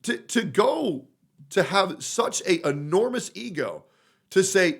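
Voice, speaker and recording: A man's voice: high-pitched, sing-song, slow pace, gravelly, fairly bright tone, slightly rough. A male streamer in a blunt, profane, sarcastic livestream reaction rant.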